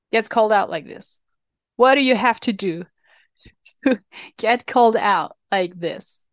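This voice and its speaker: Talking to her viewers in a relaxed way, a young woman from Switzerland who vlogs shares a story at her own expense, with plenty of fillers and false starts. Her voice is a little high, recorded without echo.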